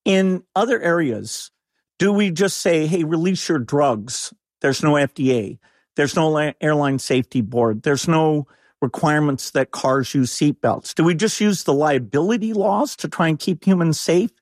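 A man with a slightly higher-than-usual voice speaks as an interview guest, emphatic and alarmed. His delivery is insistent and openly incredulous. The sound is dry and close, with no room echo. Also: normal speed. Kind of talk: interview conversation.

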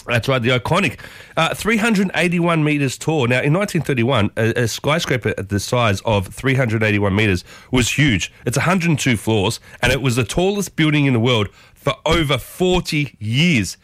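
An Australian man hosts a morning radio show in a dry, close studio. His voice sits in a middle pitch, and he talks in a lively, chatty way, calling his listeners folks. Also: moderate pace, no room sound. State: coughing. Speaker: radio host.

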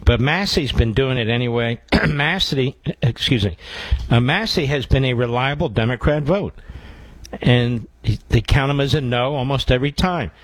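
A man's voice: medium pitch, moderate pace, no room sound, poor audio. A man hosting a call-in radio talk show, combative and opinionated, with a sarcastic edge. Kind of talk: talk radio, taking calls.

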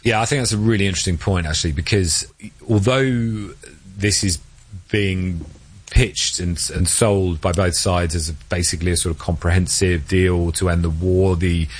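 A male correspondent giving a measured, analytical news report with occasional hesitations. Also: low voice, steady tone, husky. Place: Washington.

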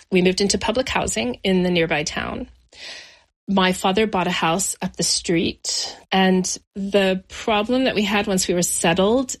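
A middle-aged woman as an interview guest, recounting her childhood in a reflective, measured way with slow pauses. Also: lowish voice. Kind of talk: personal memoir interview.

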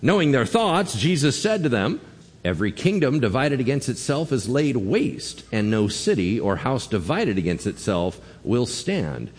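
Animierter Prediger in einer halligen Kirche. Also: male voice, normal speed, slightly rough. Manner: animated, emphatic preaching with sudden swings in pitch. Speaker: pastor. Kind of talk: sermon. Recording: long reverb of a church hall.

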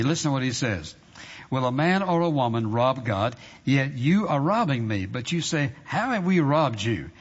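A man's voice: medium pitch, lively intonation, normal speed, husky. A man preaching a sermon as pastor, emphatic and conversational, repeating phrases and prompting the congregation for amens. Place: church sanctuary. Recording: dull reverberant hall recording.

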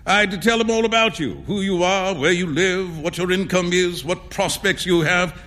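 A man's voice: high-pitched, normal speed, pushed and bright, long reverb tail, pitched above the performer's own voice. A man reading a story aloud, voicing a flamboyant, self-assured male painter with theatrical, emphatic exclamations. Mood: jovial.

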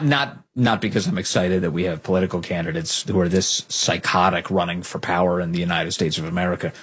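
A man hosting a political talk show, delivering sarcastic, animated commentary. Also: low-pitched, husky. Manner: animated, sarcastic, mimics opponents.

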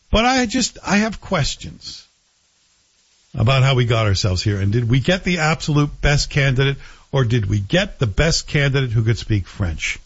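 A man hosting a radio talk show, giving animated, indignant commentary full of rhetorical questions. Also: medium pitch, moderate pace, husky. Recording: slightly dull radio broadcast audio.

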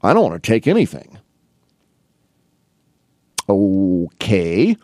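A man's voice: sits low, huge pitch swings, slow, a little mellow, no room sound, studio quality. A middle-aged man from the Midwest United States, an academic advisor, tells rambling anecdotes in a casual monologue and acts out both sides of the conversations.

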